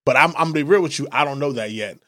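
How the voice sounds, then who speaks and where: A man's voice: mid-range voice, very fast, fairly bright tone. A man in casual crude chat, telling loose stories and acting out what people said. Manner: loose storytelling, acts out quotes. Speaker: podcast co-host.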